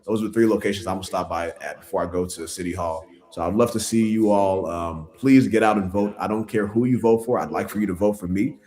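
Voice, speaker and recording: A man's voice: low voice, fast talker, hardly any pauses, darkish tone. A man, a city council member running for office, talking earnestly in a casual interview and laughing at himself.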